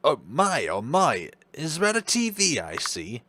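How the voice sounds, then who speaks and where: A man's voice: on the high side, huge pitch swings, a little slow, background noise, pitched above the performer's own voice. Man putting on a posh genteel doctor. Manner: posh, polite and admiring. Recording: game music behind the voice.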